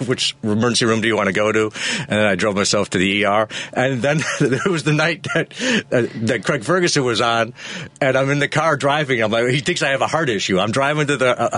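A man's voice: medium pitch, a bit bright. A man, a radio show producer, telling a rambling on-air story with chuckles. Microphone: studio microphone.

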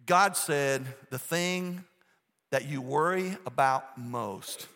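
A man's voice: fairly high pitch, slow, bright, forceful tone. A man, preaching a sermon as pastor in an emphatic, folksy storytelling way. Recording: long hall reverb.

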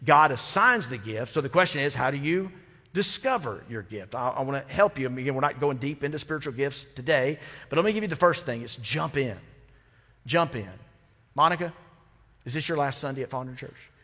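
A man's voice: mid-range voice, lively intonation, fairly quick, sharp tone. A man in a mid-range voice preaches to his congregation, easygoing and playful, asking the room questions as he goes. His words carry a long reverb off the walls of a church sanctuary. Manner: conversational, humorous preaching with rhetorical questions. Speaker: pastor. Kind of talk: sermon. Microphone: microphone.

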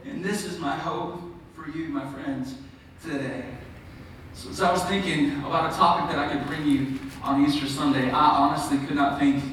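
A male pastor preaching an Easter sermon, swinging from soaring, sung-out lines to hushed asides. His voice is high and bright. It rings out across a big echoing sanctuary, picked up from a distance, with a faint hiss underneath. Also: steady tone, normal speed. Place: church. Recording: echoey hall from far off.

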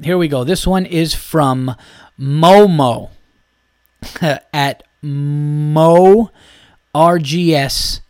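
A man's voice: medium pitch, no room sound, clean studio sound. A man in his thirties hosting a podcast, ranting in a profane, exasperated comic monologue and mimicking other people. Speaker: podcast host.

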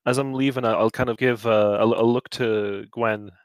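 A man playing a tabletop game, mid-pitched and hesitant. He stammers and restarts often, recorded dry and close. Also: fairly even intonation, moderate pace, clear, resonant tone, dry recording. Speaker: player.

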